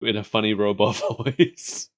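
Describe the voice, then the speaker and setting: A man's voice: lowish voice, fairly even intonation, unhurried, over loud music. A man co-hosting a podcast, chatting casually about an old cartoon and laughing often. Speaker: podcast co-host. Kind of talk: casual chat reviewing a cartoon.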